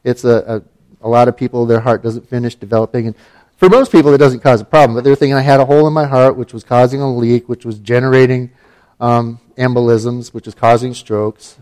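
A man's voice: mid-range voice, fairly even intonation, a little fast, a little mellow. A middle-aged man from Alaska telling a personal story in a casual, wry and self-mocking way, with plenty of fillers and restarts.

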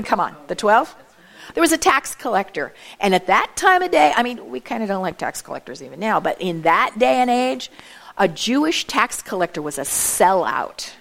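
Chatty woman with a gravelly voice. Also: fairly high pitch. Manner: chatty, many asides and laughs; asks the audience direct questions. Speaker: speaker at a church event. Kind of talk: lively talk to a church audience.

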